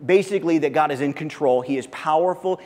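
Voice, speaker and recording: A man's voice: fast, in a large hall. A pastor preaching a sermon, telling the story with animation and often repeating his words. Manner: animated storytelling, repeats words, pitch climbs when excited. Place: church sanctuary.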